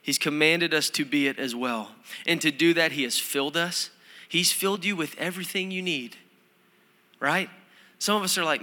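A male pastor with a bright, ringing voice that sits a little higher than most men's. He preaches in a loose, conversational way, full of ums, restarts and self-deprecating jokes. His words carry the long reverb of a large church hall. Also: moderate pace. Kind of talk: sermon.

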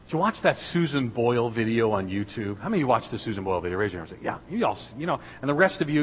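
A man's voice: medium pitch, a little hiss or hum. Man preaching in an echoing church hall. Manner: storytelling, building to loud excited preaching. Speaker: guest speaker. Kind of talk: sermon. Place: church sanctuary. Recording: dull recording in a reverberant hall.

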